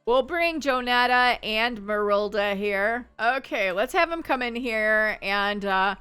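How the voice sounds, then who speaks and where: Bright-voiced woman narrating a game. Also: on the high side, animated, slow, smooth, soft background music. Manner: chatty, narrating gameplay with little gasps and exclamations. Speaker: gaming channel host. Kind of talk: casual let's-play commentary.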